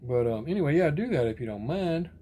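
A diecast collector with a fairly high, expressive voice talks fast in a warm tone with a breathy edge. He reads out viewer comments in a laid-back, rambling chat, naming each commenter, answering, and repeating friendly sign-offs like "right on, brother." His arm and shoulder are sore.

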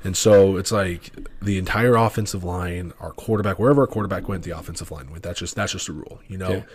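A young man, a podcast guest, telling a story in quick, animated casual talk, full of "like". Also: sits low. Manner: fast, animated, lots of filler "like".

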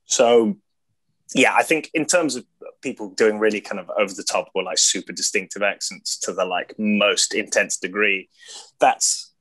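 An Englishman in his thirties chats as a guest, rambling and self-deprecating, and laughs often. His voice sits a little low. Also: normal speed, fairly bright tone. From England. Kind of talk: casual chat.

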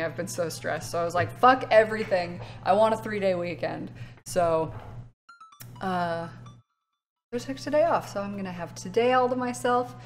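A woman streaming a game, chatting casually with viewers, laughing often and swearing freely. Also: medium pitch. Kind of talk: let's play commentary.

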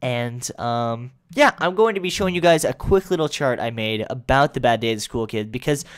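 A young male YouTuber riffing in crude, sarcastic commentary at a middle pitch. He swears freely and bursts into loud mock voices. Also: animated, moderate pace, clean tone. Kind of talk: comedic commentary.

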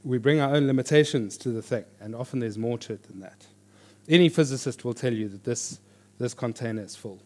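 A man teaching a church class on reading the Bible, in a lively, joking conversational way. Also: medium pitch, brisk. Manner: animated, jokey, with lively quoted voices. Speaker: pastor teaching a Bible course. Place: church hall before an audience.

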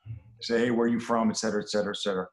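Middle-aged guy telling stories in an interview, lively, low murmur on asides, echoey room. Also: racing. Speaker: film director. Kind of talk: interview anecdotes. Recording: roomy echo.

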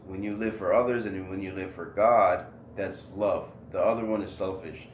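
A man's voice: sits low, steady tone, moderate pace, echoey room, lo-fi sound, slight background noise. A man giving an informal, earnest talk on scripture, rambling with many restarts and emotional, close to tears. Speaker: online religious talk host.

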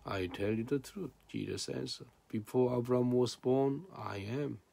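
Gravelly male preacher with dry sound. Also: mid-range voice, moderate pace, mellow, no echo. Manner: non-native English, frequent restarts and rhetorical questions. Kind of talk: sermon with scripture reading.

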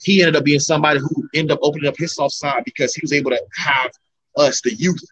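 A young man, a mixed martial arts fighter, telling animated stories about his old coaches in a casual interview. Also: a little high, quick pace, muffled recording. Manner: animated storyteller, acts out his coaches' lines. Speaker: MMA heavyweight fighter, guest.

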